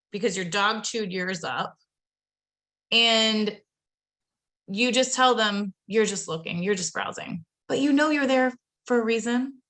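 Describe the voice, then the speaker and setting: A woman with a fairly high, somewhat bright voice runs a live online training for real estate agents, speaking in an upbeat, chatty way directly to her audience.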